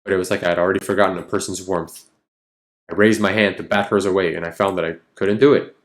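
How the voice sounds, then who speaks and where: A man's voice: deep voice, steady tone, fast talker. A man reading a story game aloud, with wry, exasperated asides between passages. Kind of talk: narrating and commenting casually.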